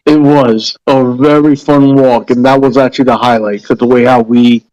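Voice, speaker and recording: A man on a podcast panel recounting an event in casual chat, halting and searching for words. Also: medium pitch, fairly even intonation, a little mellow, lo-fi sound.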